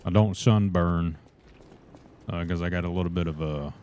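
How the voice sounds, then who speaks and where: Deep-voiced man streaming games. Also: normal speed, slight background noise. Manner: relaxed, chatty, reads chat and greets viewers as brothers. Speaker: livestreamer. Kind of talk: casual gameplay livestream chat.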